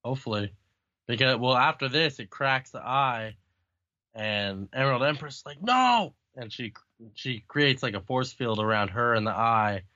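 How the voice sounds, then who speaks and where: A man recapping comic scenes in relaxed, profane casual chat. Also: medium pitch, moderate pace, no echo, muffled recording. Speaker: comic book podcast co-host.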